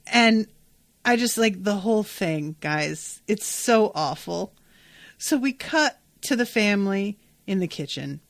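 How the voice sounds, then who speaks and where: Slow, gushing woman podcaster. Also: mid-range voice, animated, no echo. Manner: gushing, swears freely. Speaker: podcast host. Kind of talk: casual episode recap.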